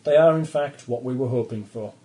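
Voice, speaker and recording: A man's voice: mid-range voice, a little fast, mellow, natural voice, rough recording. A man voicing a professor leading a polar expedition, briefing the crew in a formal, lecturing way. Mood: measured.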